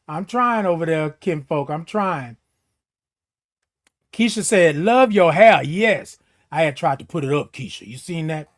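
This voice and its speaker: A man hosting a casual morning livestream, reading viewer comments aloud and answering them, saying "indeed" and "y'all" a lot. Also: sits high. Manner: says "indeed" and "y'all" often. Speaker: livestream host.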